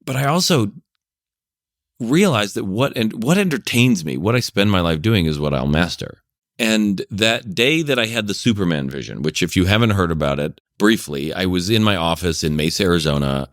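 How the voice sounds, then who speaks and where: A man's voice: sits low, lively intonation, normal speed, no echo, studio quality. A middle-aged man chatting casually on a podcast, telling rambling personal stories with frequent chuckles. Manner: rambling storyteller, chuckles often. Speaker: podcast guest, parenting coach. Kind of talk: casual chat.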